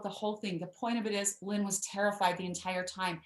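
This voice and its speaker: A woman's voice: medium pitch, flat delivery, fairly quick, few pauses. Chatty woman guest with an echoey sound. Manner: chatty, many fillers and restarts. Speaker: guest author. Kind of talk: interview storytelling.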